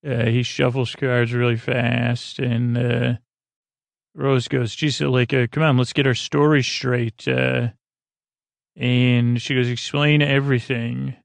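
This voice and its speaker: A man recapping a TV episode in a halting, rambling way, full of fillers and restarts, speaking softly. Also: medium pitch, level tone, creaky, dry recording. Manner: halting, many fillers and restarts, paraphrasing dialogue. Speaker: podcast host.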